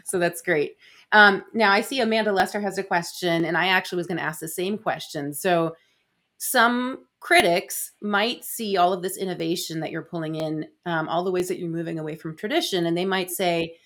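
A woman hosting an interview. She asks thoughtful, hedged questions and adds gentle backchannel responses. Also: fairly low pitch, normal speed. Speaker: interviewer, host. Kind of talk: conversational interview.

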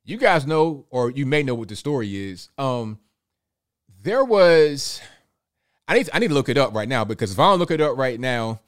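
With a mid-range voice and a normal pace, the livestream host sounds very animated as he reads through viewer super chats. His style is relaxed and chatty, with lots of repeated words and chuckles.

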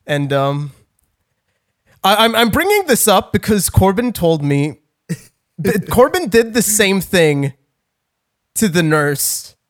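A man's voice: high voice, sing-song, slow, pauses often. A young man co-hosting a podcast, telling a rambling story in casual chat, swearing and laughing often. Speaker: podcast co-host.

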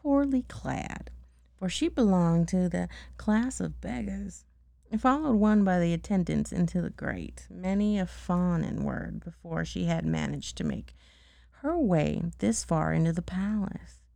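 Gravelly-voiced woman reading a bedtime story. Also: lowish voice, very animated, dark tone, no echo. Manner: pauses to check words and laugh at her own slips. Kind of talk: casual storybook reading aloud.

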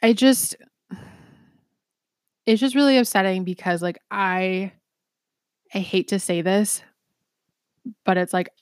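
A woman's voice: mid-range voice, fairly even intonation, no echo, clean studio sound. A woman co-hosting a podcast, telling a true-crime case casually with many ums and restarts. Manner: chatty, many ums, swears, quick laughs. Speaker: podcast co-host.

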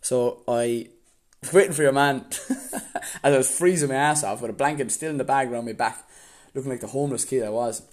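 A man's voice: medium pitch, a little fast, a little mellow. A young man from Waterford with an Irish accent, casually telling a story to the camera and often breaking into laughter. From Ireland.

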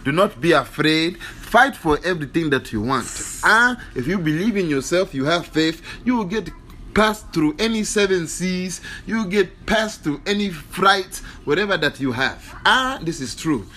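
Preachy man with a high voice. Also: expressive, normal speed, bright, forceful tone, a little hiss or hum. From Africa. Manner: preachy, emphatic, repetitive declarations. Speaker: motivational speaker. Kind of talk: motivational monologue recorded at home.

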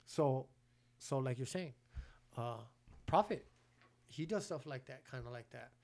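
A man's voice: medium pitch, expressive, unhurried, vocal fry, darkish tone. A man hosting a podcast in casual chat, slangy and profane, often stammering as he restarts his sentences. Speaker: podcast host.

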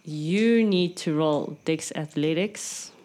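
A woman running a tabletop game as game master, narrating scenes in a slow, deliberate way. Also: sits low, a little mellow.

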